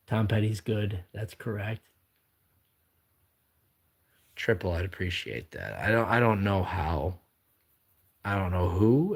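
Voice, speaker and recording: Streamer host, male, deep husky voice, loose rambling chat while drawing, reads comments aloud. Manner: reads viewer comments aloud and chats back.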